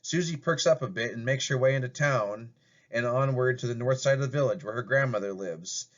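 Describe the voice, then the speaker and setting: Guy reading a fairy tale out loud, plain mid voice, kinda muffled lo-fi. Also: mid-range voice, a little fast. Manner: plain read-aloud narration. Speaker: narrator. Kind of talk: amateur storybook reading.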